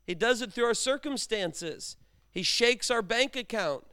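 High, smooth-voiced male preacher. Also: expressive, unhurried, pushed and bright. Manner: conversational preaching, acts out dialogue, emphatic rises. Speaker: pastor. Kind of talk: sermon.

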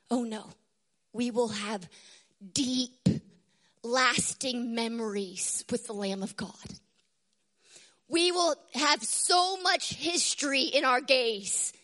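In a strained, high-pitched voice, a woman preaches a devotional sermon, sinking to hushed whispers before rising to loud, fervent exclamations.

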